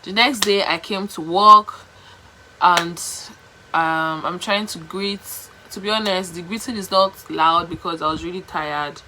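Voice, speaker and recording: A young Nigerian woman vlogging, telling a story to camera in a chatty, animated way, repeating herself and slipping into pidgin. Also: lowish voice, a little slow, slight background noise, poor audio.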